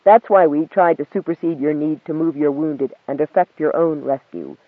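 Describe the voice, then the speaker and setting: A man's voice: fairly high pitch, animated, normal speed, no room sound, phone-quality sound, close to an everyday voice. A man voicing a desperate young male captain who pleads urgently and grows agitated. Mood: pleading.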